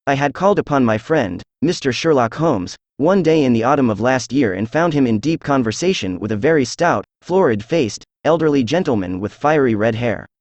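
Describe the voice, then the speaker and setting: A computer-generated man's voice narrates an audiobook at a mid pitch. The reading is even and measured, and the sound is dry and close with no room behind it. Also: dry recording. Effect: synthesized voice. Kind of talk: scripted narration.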